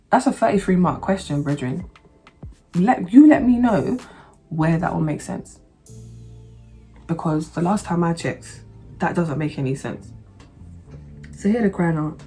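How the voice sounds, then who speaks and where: Low-voiced, sarcastic woman. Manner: blunt, sarcastic and expressive. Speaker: vlogger. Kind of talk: animated storytime monologue.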